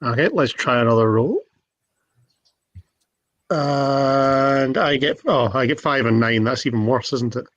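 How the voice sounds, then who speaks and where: A man playing a tabletop game who jokes around and thinks out loud as he goes. He has an average-pitched voice, and the recording is dull and lo-fi with a dry sound. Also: unhurried, long pauses, no room sound. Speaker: player. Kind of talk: casual tabletop game talk.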